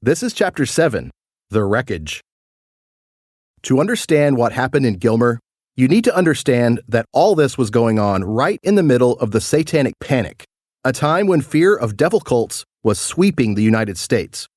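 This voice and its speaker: A man hosting a podcast, delivering scripted narration in a measured storytelling manner. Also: medium pitch, sing-song, a little mellow, no room sound, studio quality.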